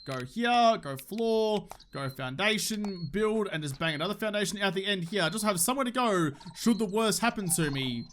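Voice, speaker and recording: A young man with an Australian accent narrating his game session in loose, joking commentary. His voice sits high and rings bright, and he swears and bickers with the game as he plays. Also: expressive, moderate pace, hardly any pauses, a little hiss or hum. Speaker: gaming YouTuber. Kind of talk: casual let's-play commentary.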